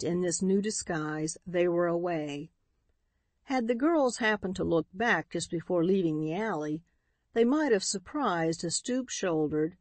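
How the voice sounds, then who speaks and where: Woman narrating an audiobook, low and dry. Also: dry recording. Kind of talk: scripted narration.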